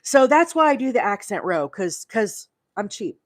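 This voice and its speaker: A woman's voice: mid-range voice, sing-song, moderate pace, no echo. Woman from Alabama, crochet livestream host, loose self-mocking chatter, dry close mic. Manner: chatty and self-deprecating, with many fillers and asides to viewers. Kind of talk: casual live crochet tutorial.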